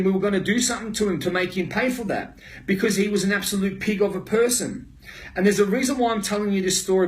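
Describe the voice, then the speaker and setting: A man with an Australian accent from Melbourne, telling a personal story to camera as a motivational speaker, intense and emphatic, swearing often. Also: high voice.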